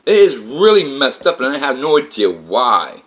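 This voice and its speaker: A man voicing a male god, speaking slowly, calmly and gently yet very loudly. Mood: solemn. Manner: slow, solemn, booming.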